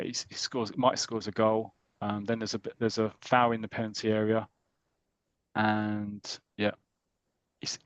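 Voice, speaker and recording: A man's voice: on the low side, no room sound. A British man co-hosting a podcast, casually recapping a comic in a rambling way with many restarts. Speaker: podcast co-host.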